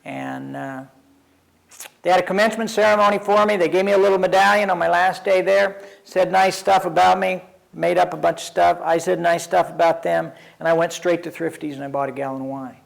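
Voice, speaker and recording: A high, creaky voice with a steady tone comes from an older addiction counselor recounting his own recovery, fairly quickly and with wry self-deprecation. It's a rough recording of conversational storytelling.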